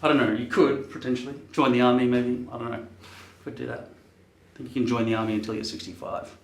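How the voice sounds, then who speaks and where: A man's voice: medium pitch, little pitch movement, a little fast, creaky, slight background noise. Rambling man in an echoey room. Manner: rambling, swears casually, muses aloud. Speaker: vlogger. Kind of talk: casual rambling chat to camera.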